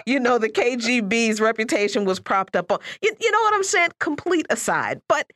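This woman co-hosts a political talk radio show with an animated, emphatic delivery. Her pitch moves widely and expressively. The recording is dry and close, with no room sound. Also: normal speed, no room sound. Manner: animated, emphatic, laughs mid-sentence.

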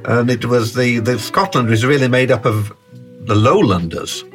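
A man in a casual chat, speaking unhurriedly and halting often with fillers as he tells stories. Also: medium pitch, a bit bright, soft background music.

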